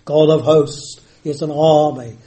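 Older man, preacher, emphatic sermon delivery, dark mellow voice, fairly high pitch, roomy echo. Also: steady tone. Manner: emphatic, varies pace and volume, drawn-out words. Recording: echoey hall.

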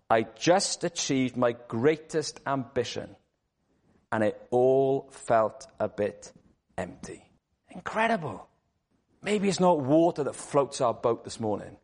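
A man gives a sermon with earnest conviction. He presses his listeners with rhetorical questions and repeats key words to drive his points home. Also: mid-range voice. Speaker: preacher.

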